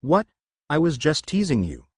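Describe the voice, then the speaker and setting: A man's voice: on the high side, wildly swooping pitch, normal speed, slightly rough, no room sound, exaggerated voice. Man voicing a bashful fox spirit girl, meek, stammering, lilting voice, dry close sound. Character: shy young fox spirit woman in human form. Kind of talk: fan fiction audiobook.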